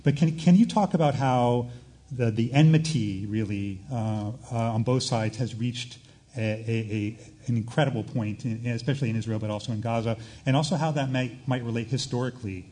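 A man's voice: medium pitch, dark tone. A man moderating a panel, asking a long question with many stops and restarts. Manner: halting, many fillers and restarts. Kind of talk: panel discussion.

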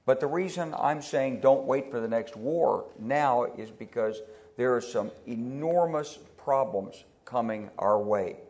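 Older American man giving an anecdotal talk. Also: medium pitch. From United States. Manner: conversational, repeats words when restarting, quotes people in lively put-on voices. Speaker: retired army general giving a talk.

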